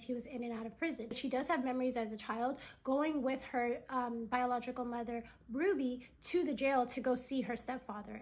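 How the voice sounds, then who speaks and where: A woman vlogger retelling someone else's family story in a chatty way, full of "like" fillers, acting out the quoted lines. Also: fairly high pitch.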